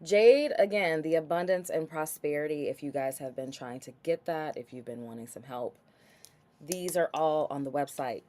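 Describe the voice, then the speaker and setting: A woman's voice: extremely low pitch, a little mellow. A woman hosting a casual livestream, chatty and playful as she shows body care products and talks straight to viewers.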